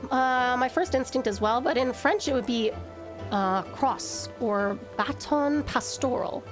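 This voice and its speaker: A woman's voice: high voice, measured pace. A young woman streaming a game, bubbly and affectionate as she thanks her chat and curses now and then. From Tasmania, Australia. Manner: bubbly, affectionate, swears casually. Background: game music.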